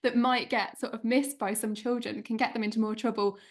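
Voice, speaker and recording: Fast-talking woman podcast host. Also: on the high side, fairly even intonation. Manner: quick, chatty, laughs easily. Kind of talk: podcast interview.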